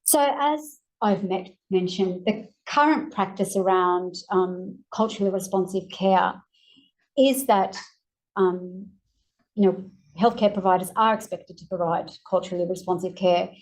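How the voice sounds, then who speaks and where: A woman with an Australian accent presenting research findings in a measured way with frequent ums, her voice going hoarse. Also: mid-range voice, darkish tone, poor audio. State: losing her voice. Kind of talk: academic presentation.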